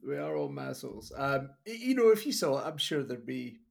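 A man's voice: medium pitch, big pitch swings, brisk, gravelly. A man, co-hosting a podcast in casual, laughing banter. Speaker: podcast co-host and home brewer. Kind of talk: casual chat.

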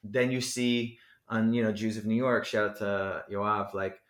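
A man from New Jersey rambles animatedly through an interview, swearing freely. His voice sits somewhat low. The room adds a roomy echo. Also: level tone, unhurried. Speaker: rapper, podcast guest. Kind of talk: casual interview chat. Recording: echoey room.

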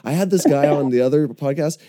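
A man hosting a podcast in casual chat, excitable and swearing often as he tells stories. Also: a little high, a little fast, no room sound, clean studio sound. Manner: profane, excitable, animated storyteller. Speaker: podcast host.

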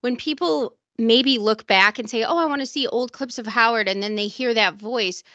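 Bright, emphatic woman co-host. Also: on the high side, normal speed, no echo, muffled recording. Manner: emphatic, opinionated. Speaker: podcast co-host. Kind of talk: casual chat.

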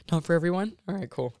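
A woman in her thirties hosting her own podcast, talking personally and emotionally in a halting way with many restarts and fillers. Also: on the low side, creaky, slight background noise. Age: 30s. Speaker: podcast host.

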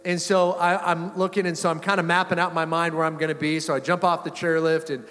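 A male pastor preaches with a loose, chatty storytelling manner and often chuckles mid-sentence. His voice sits a little higher than most men's. Each phrase rings out with a long reverb, as in a large church hall. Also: fairly quick. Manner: conversational, animated, chuckling often. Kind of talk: storytelling sermon.

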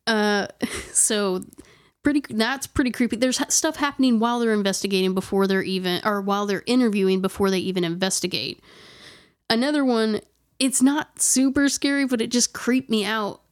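A woman's voice: mid-range voice, moderate pace. A woman co-hosting a podcast, telling a ghost story in casual chat, full of "like" fillers and restarts. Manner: rambling, many "like" fillers and restarts.

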